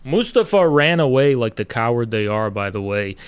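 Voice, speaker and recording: A man's voice: medium pitch, sing-song, normal speed, few pauses, clear, resonant tone, no room sound. A man giving a combative livestream monologue, taunting his critics with rhetorical questions. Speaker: party chairman streaming on social media.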